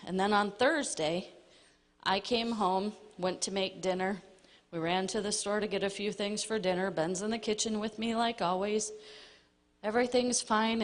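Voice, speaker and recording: A woman giving a personal testimony to a congregation, telling events plainly step by step. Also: mid-range voice. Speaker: church testimony speaker. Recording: long hall reverb.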